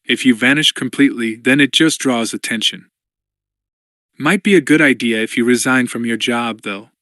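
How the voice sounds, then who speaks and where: Man doing a gruff fatherly sergeant, blunt, weary, dry close audiobook sound. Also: mid-range voice, normal speed, sharp tone, dry recording, close to an everyday voice.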